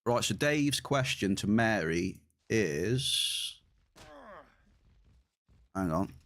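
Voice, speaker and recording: Slow-talking laid-back man. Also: lowish voice, lively intonation, fairly bright tone. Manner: laid-back, chatty, laughs at own pronunciation. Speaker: game streamer. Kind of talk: casual live-stream chat.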